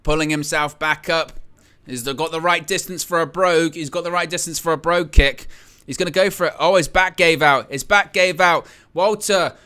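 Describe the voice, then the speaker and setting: Male watch-along host, fairly high and sharp voice, excitable, exclamatory. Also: moderate pace, clean tone. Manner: excitable, exclamatory, repeats phrases. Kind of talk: live reaction commentary.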